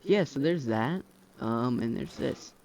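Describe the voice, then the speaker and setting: A man's voice: medium pitch, animated, takes it slowly, darkish tone, slight background noise. A man giving casual gameplay commentary as a mod reviewer, rambling with many fillers and slang, recorded on a dull lo-fi mic.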